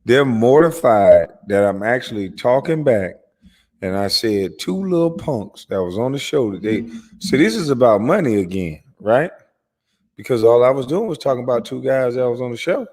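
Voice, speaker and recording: A man's voice: mid-range voice, lively intonation, moderate pace, darkish tone, in a large hall. A man hosting his own channel, talking back at a clip he is playing and mocking the speaker in it. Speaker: channel host reacting to a clip. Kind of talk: casual reaction commentary.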